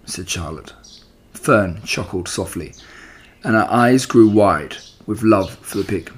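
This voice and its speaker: A man narrating a children's book aloud in an unhurried, expressive way. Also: on the low side, breathy edge.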